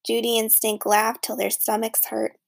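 A woman narrating a children's storybook in a lively, expressive reading. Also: on the high side, normal speed, creaky. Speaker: audiobook narrator.

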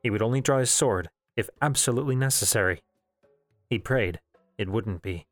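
A man narrating a novel in a measured, even storytelling voice. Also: on the low side, no room sound, soft background music. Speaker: audiobook narrator. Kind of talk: novel reading.

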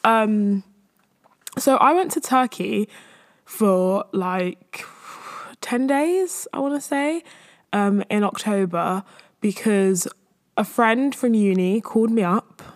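A young woman talks on her own podcast in a loose, rambling way, full of fillers and little laughs. She sounds slightly out of breath as she chats at a middling pitch. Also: takes it slowly, long pauses. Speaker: podcast host. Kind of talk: casual solo chat.

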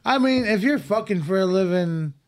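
A man's voice: high-pitched, animated, normal speed, darkish tone. A man co-hosting a casual podcast, swearing through laid-back banter. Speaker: podcast co-host. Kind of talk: casual chat.

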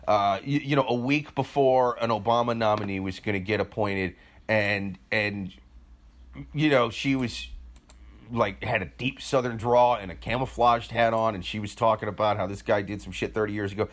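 A man who does comedy talks politics with a co-host in loose, casual chat. His voice leaps up high when he gets excited and drops low when he turns more thoughtful. He trips over his words now and then as his thoughts run ahead of him. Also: moderate pace. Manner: animated, shifts pitch a lot.

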